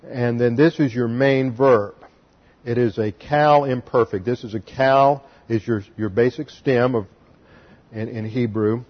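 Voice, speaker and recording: A man's voice: medium pitch, steady tone, a little slow, dull audio. A man teaching a sermon as pastor, explaining Hebrew grammar step by step and spelling out letters.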